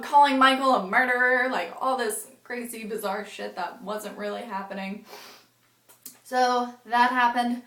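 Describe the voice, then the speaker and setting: A young female vlogger with a fairly high, slightly bright voice rambles through a casual story at a moderate pace, saying "like" every few words and swearing freely. The audio has a clear roomy echo, as though she's in a bare room.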